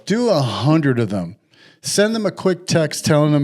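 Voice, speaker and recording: A middle-aged man telling a story in casual podcast chat, animated and acting out the people he quotes. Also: fairly high pitch, a little slow.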